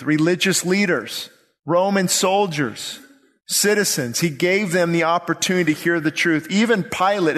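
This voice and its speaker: High-voiced preaching man in a reverberant hall. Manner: animated preaching, acts out quoted voices. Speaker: pastor. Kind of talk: sermon. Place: church sanctuary.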